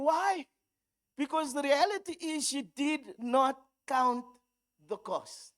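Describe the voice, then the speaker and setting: A woman preacher with a South African accent, giving a sermon that moves from storytelling into fervent exhortation. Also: high-pitched.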